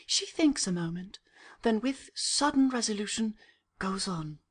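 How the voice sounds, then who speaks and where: A woman narrating the stage directions of an audiobook drama in a plain, measured way. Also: mid-range voice, animated.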